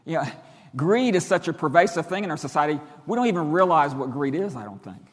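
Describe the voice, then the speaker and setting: A middle-aged man preaching a sermon as pastor, emphatic, his voice rising loud and dropping quiet. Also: fairly high pitch, animated, fast talker. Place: church sanctuary. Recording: long hall reverb.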